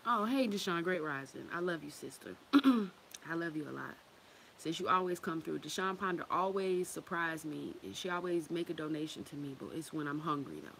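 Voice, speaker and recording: A woman hosting a casual livestream, thanking viewers and telling a story in an animated, profane, slangy way, often laughing. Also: sits low, moderate pace, vocal fry, slight background noise, low-quality recording. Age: adult with children. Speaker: livestream host reading viewer comments.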